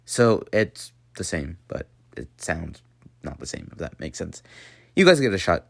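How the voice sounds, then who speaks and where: A man's voice: deep voice, big pitch swings, normal speed, creaky, no room sound, clean studio sound. A man hosting a jokey tutorial and talking to his viewers as if they were a class. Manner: playful, talks to viewers as a class. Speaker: channel host teaching a mock language lesson.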